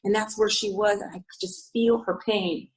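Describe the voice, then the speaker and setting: A woman's voice: mid-range voice, steady tone, normal speed, husky, poor audio. A middle-aged woman speaking frankly and confessionally at a recovery group, swearing freely and restarting her sentences. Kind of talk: candid recovery group share.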